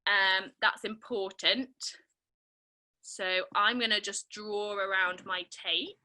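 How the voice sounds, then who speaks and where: Over a low-quality video-call recording, a young woman with a medium pitch and fairly even intonation runs an online theatre and craft session for families. She guides the kids step by step, speaking slowly in a bright, playful, encouraging way.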